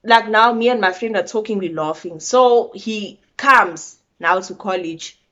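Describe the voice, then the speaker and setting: A young woman with a South African accent, telling a story to her viewers in a blunt, animated storytime style. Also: mid-range voice, measured pace, muffled recording. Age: young adult. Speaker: vlogger. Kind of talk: casual storytime.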